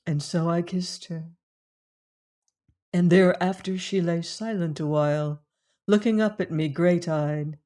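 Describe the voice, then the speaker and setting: A man narrating a classic novel in a measured, solemn reading voice. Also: on the high side, steady tone, dark tone. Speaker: audiobook narrator.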